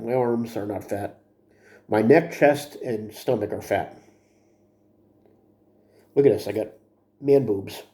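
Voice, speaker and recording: A man's voice: medium pitch, dark tone. Middle-aged man, rambling video diary. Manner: rambling, frustrated, self-critical; restarts and repeats words. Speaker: vlogger.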